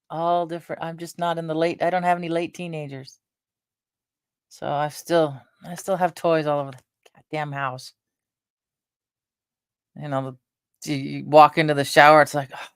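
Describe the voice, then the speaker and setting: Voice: mid-range voice, smooth, no echo. Middle-aged vlogger, chatty and meandering, dry close sound. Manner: meandering, chatty, lots of fillers and restarts. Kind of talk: casual rambling chat.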